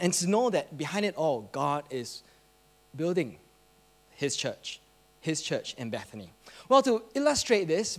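A man with a high, light voice hosting a congregation quiz in a church sanctuary. He speaks into a microphone, reads scripture first, then jokes and teases with quick chuckles. His tone is friendly and playful. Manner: playful, teasing, chuckles between lines. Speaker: church fellowship quiz host.

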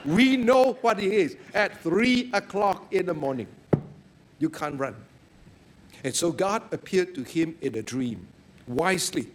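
A man preaching a sermon, telling stories in a lively way and breaking into sudden loud exclamations. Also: a little high, unhurried.

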